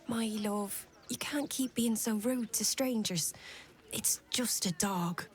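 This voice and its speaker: A patient, placating wife. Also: female voice, on the high side, takes it slowly. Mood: soothing. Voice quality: gentle, placating. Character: patient wife soothing her fussy husband. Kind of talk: video game voice acting.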